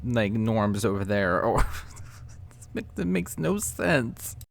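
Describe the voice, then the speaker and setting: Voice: medium pitch, big pitch swings, very slow, creaky. A reaction commentator talking casually to viewers, sarcastic and teasing.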